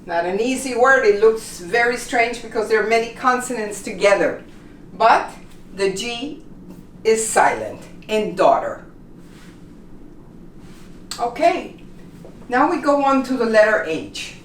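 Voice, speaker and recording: A woman teaching an English pronunciation lesson, patiently saying example words slowly and repeating them. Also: fairly high pitch, big pitch swings, a little hiss or hum. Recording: echoey room, mic at a distance.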